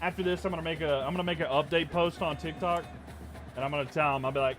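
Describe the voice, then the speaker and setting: With faint music behind him, a man speaks fast in a fairly high voice as he live-streams a football video game. Excited play calls in a commentator's style alternate with frustrated asides between snaps.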